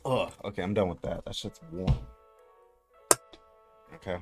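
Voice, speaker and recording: A deep-voiced man hosting a casual livestream, swearing freely as he talks through his setup. Now and then he jumps into sudden loud outbursts. Faint music plays underneath. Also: measured pace. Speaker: livestream host.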